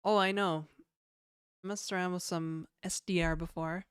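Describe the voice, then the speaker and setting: A woman's voice: on the low side, steady tone, normal speed, clean tone, dry recording, clean studio sound. A woman streaming her game development, chatting loosely with viewers and rambling between reactions. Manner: rambling, chatty, swears casually, reacts to chat. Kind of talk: casual livestream chat.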